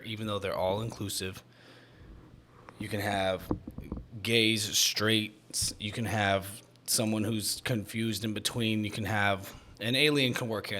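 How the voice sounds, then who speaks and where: A man's voice: on the low side, fairly bright tone, slight background noise. A man hosting a solo podcast, talking in a rambling, self-deprecating way with lots of restarts, a bit out of breath. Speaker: podcast host.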